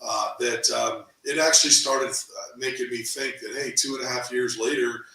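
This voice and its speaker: A middle-aged man, a real estate team owner, telling his story in a casual interview, animated and often repeating words as he acts out what others said. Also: medium pitch, normal speed, distant mic. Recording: echoey room, voice from off the mic.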